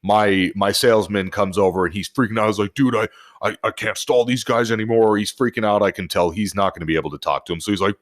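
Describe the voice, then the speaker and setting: A man co-hosting a casual podcast, telling a repair-shop story in an animated, profane way. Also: on the low side, fast. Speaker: podcast co-host, service advisor.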